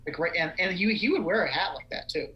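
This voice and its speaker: A young man co-hosting a casual livestream chat, animated and rambling with lots of fillers. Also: high voice, fast talker, dull audio. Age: young adult. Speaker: podcast co-host.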